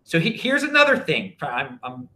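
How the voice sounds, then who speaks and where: Male vlog host, swinging lively pitch, emphatic and sarcastic, roomy echo on the mic. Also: normal speed. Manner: emphatic and sarcastic, with frequent restarts. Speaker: crypto video host. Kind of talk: casual opinionated monologue.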